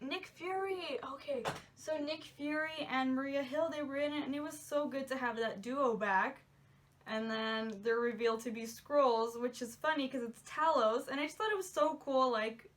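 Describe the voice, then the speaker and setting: A woman's voice: high-pitched, moderate pace, fairly bright tone. A young woman chatting casually in a movie review, gushing and giggly, rambling with lots of "like"s. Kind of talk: casual spoiler review chat.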